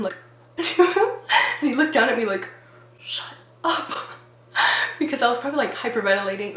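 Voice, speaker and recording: A woman's voice: fairly high pitch, fairly bright tone. A young adult woman telling a casual storytime as a vlogger. She talks in a chatty way and says "like" a lot. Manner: chatty, heavy use of "like". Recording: echoey room with faint noise.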